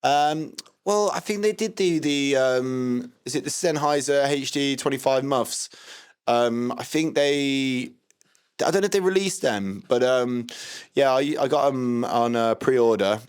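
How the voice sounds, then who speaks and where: Rambling deadpan man. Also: mid-range voice, measured pace, smooth. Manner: rambling, deadpan, many ums and restarts. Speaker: livestream host doing a comedy DJ character. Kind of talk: deadpan improvised livestream comedy.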